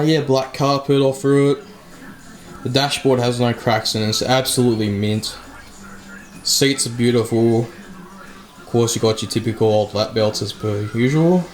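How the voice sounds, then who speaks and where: A young man with an Australian accent chats his way through a walkaround of an old car, often losing his words and laughing them off. His voice sits in an ordinary middle pitch, picked up by the mic of a handheld camera inside the car. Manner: rambling and chatty, loses words, laughs often. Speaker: car channel host. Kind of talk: casual car walkaround vlog.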